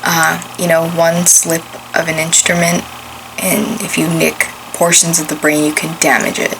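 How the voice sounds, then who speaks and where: A young adult woman telling a personal family story in a halting way, with many fillers, her voice rising and breaking at emotional moments. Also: sits low, monotone. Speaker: storyteller recounting a family loss. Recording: noticeable background noise.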